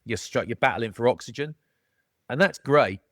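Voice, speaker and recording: Man, middle-aged, matey podcast guest, mid pitch, dry close mic. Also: animated, normal speed, dry recording. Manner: jokey, matey, calls people mate. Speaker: podcast guest, former rugby player. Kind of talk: casual storytelling chat.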